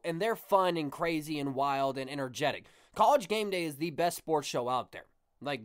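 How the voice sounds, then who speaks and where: A man hosting his own podcast, ranting in a casual, exasperated and animated way. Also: on the high side, no room sound, studio quality. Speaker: podcast host.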